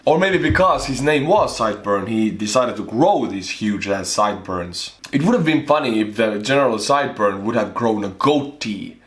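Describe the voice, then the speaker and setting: A man's voice: fairly low pitch, expressive, moderate pace, few pauses, echoey room. A man with an Estonian accent, a native Estonian speaker, joking his way through a casual reaction commentary as a YouTuber. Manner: playful, jokey, stumbles over names.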